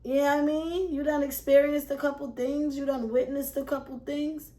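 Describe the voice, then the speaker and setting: Animated woman with a high voice, echoey room. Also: normal speed. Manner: animated, acts out her own past thoughts with swearing. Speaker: vlogger and self-published author. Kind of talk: casual storytelling to camera. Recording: echoey room with music playing behind.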